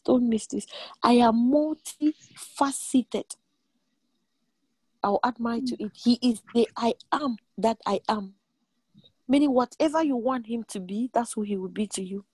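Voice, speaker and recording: A woman delivers a sermon in an animated, emphatic way, often repeating a line for weight. Her voice sits a bit high, mellow and a little husky. The sound is dry and close, with no room around it. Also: normal speed, dry recording. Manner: animated, emphatic preaching with sudden pitch jumps and repeated lines. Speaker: preacher.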